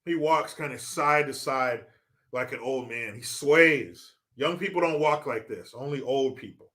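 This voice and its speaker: A man's voice: mid-range voice, a little slow, a bit bright. A man hosting a livestream with political commentary, mocking and swearing as he talks. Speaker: livestream host.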